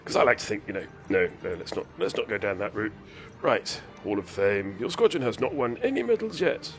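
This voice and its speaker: A man's voice: fairly low pitch, animated, fairly quick, a bit bright. A man chatting through a game stream, rambling and whimsical, a bit ill and hyper. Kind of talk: casual live-stream commentary. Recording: faint game music behind.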